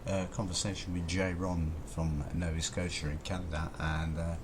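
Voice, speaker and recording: A man's voice: low-pitched, level tone, normal speed, noisy background. A man presenting a local radio show, chatting in a rambling, conversational way between records.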